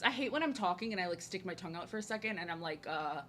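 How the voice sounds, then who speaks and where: A woman's voice: lowish voice, animated, fast talker, hardly any pauses, slight background noise. A young American woman chatting and rambling casually to viewers while she draws. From United States. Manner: chatty, rambling, self-deprecating. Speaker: art streamer.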